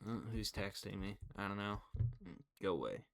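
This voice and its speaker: A man's voice: on the low side, lively intonation, normal speed, vocal fry. A man giving casual, rambling gameplay commentary as a channel host, full of fillers and self-deprecating asides.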